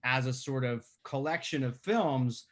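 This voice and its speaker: A man's voice: medium pitch, measured pace. New man, thirties, podcast guest, conversational storyteller. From Staten Island, New York. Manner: conversational, animated when telling stories. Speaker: guest filmmaker. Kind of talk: podcast interview over a call.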